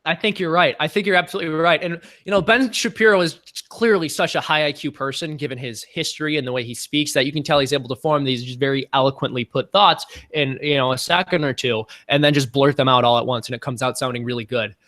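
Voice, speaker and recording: A man's voice: a little high, quick pace, few pauses, a bit bright, dry recording, clean studio sound. A young man hosting a casual livestream Q&A, chatty and joking as he answers viewers' questions. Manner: chatty, joking, breaks into voices.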